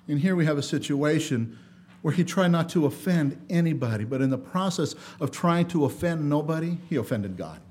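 Male preacher with a high voice, dynamic sermon delivery that swings from loud emphasis to quiet asides, measured when reading scripture. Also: animated, breathy edge. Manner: reads scripture aloud in a measured cadence.

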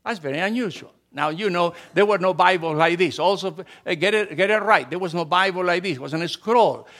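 A middle-aged male pastor preaching an animated sermon, swinging from emphatic rises to soft asides, speaking as a with grammar. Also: high voice, fairly quick.

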